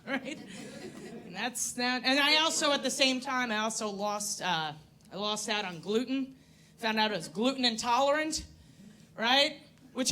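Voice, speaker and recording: A woman's voice: on the high side, a little hiss or hum. A woman in her thirties from New York doing a crude, self-mocking stand-up set on a comedy club stage. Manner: brash, crude, self-mocking, loud put-on voices in bits.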